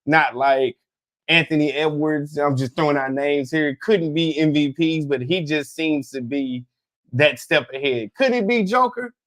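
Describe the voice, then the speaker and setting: A man co-hosting a casual sports podcast, animated and joking as he greets live commenters by name. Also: on the high side, unhurried, dry recording. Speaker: podcast co-host.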